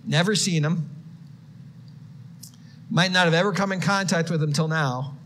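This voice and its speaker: Male preacher, expressive sermon delivery, slight background noise. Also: on the high side, moderate pace. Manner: expressive, swings from quiet to shouted quotes.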